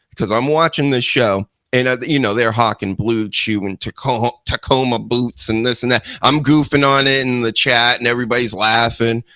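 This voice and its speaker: A man hosting a casual wrestling podcast, ranting sarcastically and jumping high in pitch when he mocks others. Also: fairly bright tone, dry recording. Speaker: podcast host.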